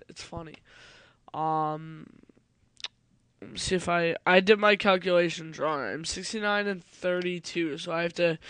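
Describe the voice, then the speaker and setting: A man's voice: on the high side, fairly bright tone, smooth, no echo. A tired man giving casual sports prediction commentary, rambling, correcting himself and swearing offhand. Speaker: video host.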